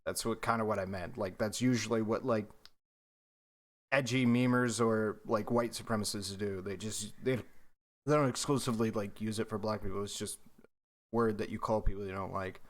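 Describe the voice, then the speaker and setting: A man's voice: fairly low pitch, steady tone, moderate pace. A young man hosting a reaction video, talking loosely and slangily as he comments, with frequent "dude". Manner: loose, slangy, rambling, says dude a lot.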